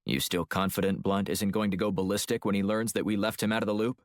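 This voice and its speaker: A tough male operative with dry, curt wit, voiced by a male narrator, deep voice, close and dry, spoken for a thriller audiobook. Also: steady tone, fast, no echo, close to an everyday voice. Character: tough male covert operative, wry, terse.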